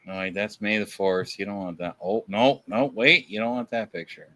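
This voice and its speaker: A man's voice: lowish voice, moderate pace, pushed and bright. A man from Canada on a podcast panel, cracking dry, offhand jokes in casual banter.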